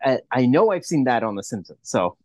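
A man's voice: medium pitch, sing-song, a little fast, darkish tone. A man co-hosting a casual movie podcast, laid-back, swearing and making dry remarks. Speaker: podcast co-host. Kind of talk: casual chat about movies.

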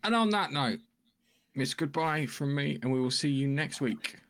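A man's voice: fairly high pitch, expressive, moderate pace, fairly bright tone. A man co-hosting a podcast in casual chat, blunt and sweary. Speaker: podcast co-host.

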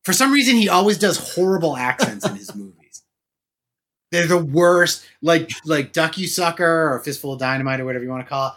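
A man with a Boston accent, trading animated stories and laughs in a casual podcast chat. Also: fairly high pitch, a little fast. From Massachusetts. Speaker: actor and podcast talker.

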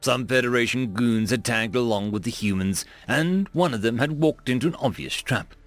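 A man reading a story aloud as the narrator, in an expressive, dramatic manner. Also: mid-range voice, moderate pace, no echo, faint music behind.

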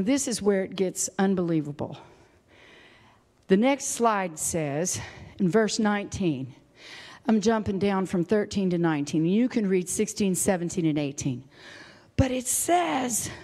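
Emphatic woman preaching with shouted prayers. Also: on the high side, animated, measured pace, long reverb tail. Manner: swings from quiet talk to shouted prayer; emphatic, repetitive. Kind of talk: sermon.

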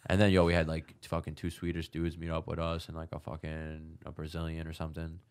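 A young man with a very deep, low-pitched voice spins a loose story in casual conversation. He rambles, swears freely and keeps saying "like" and "man". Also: monotone, fast talker, smooth. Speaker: guest telling a story. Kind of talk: casual podcast chat.

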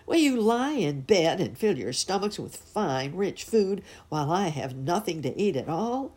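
A woman's voice: lowish voice, sing-song, unhurried, darkish tone, slightly rough, voice pushed up, full character voice. A woman voicing a grumpy tiny old male dwarf who snaps and demands in a storybook reading. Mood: angry. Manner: snappish and demanding.

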